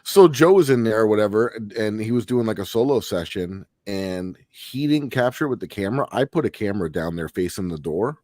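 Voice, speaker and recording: Low-voiced halting male co-host. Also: animated, a little mellow, dry recording. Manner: halting, full of fillers and restarts. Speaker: radio show co-host. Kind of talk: casual chat.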